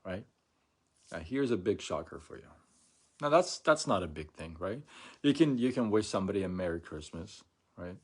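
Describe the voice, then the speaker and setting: A man's voice: sits low, lively intonation, normal speed, slightly rough. A middle-aged man talking casually to viewers on a live stream, chatty and repetitive, often checking in with "right?" and acting out mock quotes. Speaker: vlogger.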